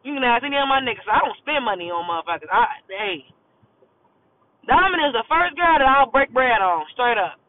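A man's voice: extremely high pitch, expressive, brisk. A man giving a blunt, profane, rambling casual monologue to his viewers. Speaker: vlogger. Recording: tinny phone-like audio with faint noise.

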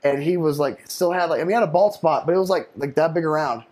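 A man's voice: on the high side, fast, a little mellow. A man co-hosting a comedy podcast, swearing constantly and acting out customers and coworkers in silly voices. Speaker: podcast co-host. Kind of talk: crude comedic banter. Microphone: podcast mic.

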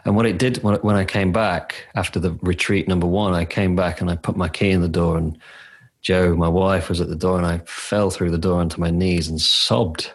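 A middle-aged man with a very deep voice and a husky edge. He speaks candidly and with feeling, sometimes laughing at himself as he tells a personal story in conversation. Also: flat delivery, moderate pace. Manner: candid, emotional, self-deprecating. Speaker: coach.

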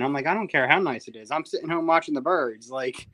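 Casting: excited male sports guest, bright and sharp tone, dry recording. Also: a little high, fast talker, dry recording. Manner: excited, storytelling. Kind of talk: casual sports chat.

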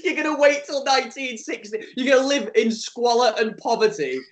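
A man's voice: extremely high pitch, a little fast. A man co-hosting a podcast in casual chat over a Skype call. He jokes, teases and laughs often. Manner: joking, teasing, laughs often. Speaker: podcast co-host.

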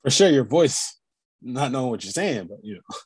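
A man's voice: mid-range voice, lively intonation, moderate pace, breathy edge, no echo. A man co-hosting a podcast, teasing his partner in casual chat and laughing often. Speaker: podcast co-host.

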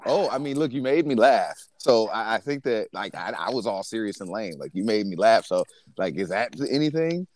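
A man's voice: on the low side, expressive, moderate pace, darkish tone, dry recording. A man co-hosting a podcast in casual chat, earnest and rambling with frequent restarts. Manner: earnest, rambling, self-correcting. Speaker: podcast co-host.

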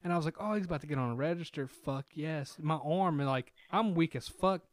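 An animated man with a slightly high voice tells a story on a podcast, cursing freely and laughing as he goes. He keeps mimicking the people he talks about. The mic is close and dry. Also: a little fast, no room sound. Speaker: podcast co-host. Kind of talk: casual storytelling chat.

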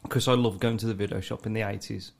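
A man's voice: fairly low pitch, steady tone, fast, creaky. A man in his forties co-hosting a podcast, bantering in casual chat and mimicking people. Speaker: podcast co-host.

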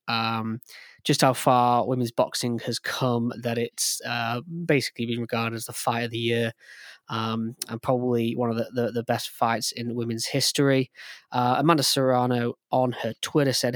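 A man co-hosting a casual sports podcast, excitable and rambling, full of ums and restarts. His voice sits at an ordinary mid pitch, recorded close and dry with no room sound. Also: a little slow, clear, resonant tone, dry recording. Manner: enthusiastic, rambling with many fillers and restarts. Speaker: podcast co-host.

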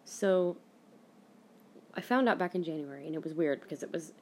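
A woman's voice: sits low, moderate pace, a little mellow, slight background noise. A young woman hosting her own podcast, telling a personal story in a rambling, casual way with lots of fillers. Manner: rambling, frequent fillers and restarts. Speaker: podcast host.

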